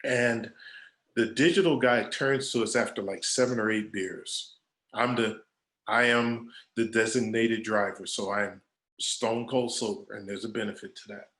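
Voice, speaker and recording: A man's voice: lowish voice, unhurried. A man speaking as a guest creative director, telling stories casually and acting out what others said. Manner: animated storyteller acting out quoted voices. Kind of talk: casual storytelling Q&A. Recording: echoey room.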